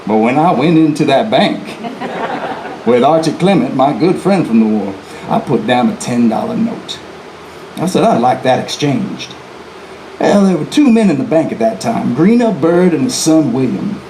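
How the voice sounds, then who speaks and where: A man's voice: medium pitch, big pitch swings, a little slow, mellow, roomy sound, a little hiss or hum, rough recording. A man playing a boastful, defiant male outlaw bank robber in a folksy first-person storytelling performance, talking straight to the audience. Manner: folksy, chatty asides to the audience. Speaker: historical reenactor. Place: live presentation venue, indoors.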